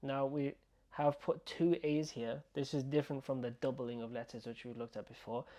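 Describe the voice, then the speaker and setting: A man teaching pronunciation, slowly sounding out syllables and repeating them, with quick asides in between. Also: mid-range voice, fairly even intonation, mellow. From United Kingdom. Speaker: Arabic teacher. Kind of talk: pronunciation lesson, slow modeled repetition.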